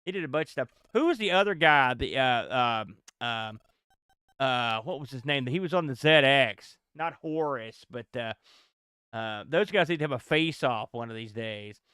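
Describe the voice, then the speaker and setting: A man streaming retro games live, reacting loudly with yelps, groans and frequent laughter as he plays. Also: mid-range voice, moderate pace, smooth, no echo, clean studio sound. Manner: excitable, yelps and groans at the game, laughs often. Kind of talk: excitable live gameplay commentary.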